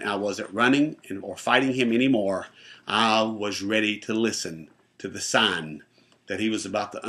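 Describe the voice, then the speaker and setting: Sharing his own testimony, this pastor brings the story to life by performing each character's voice. He speaks at a medium pitch.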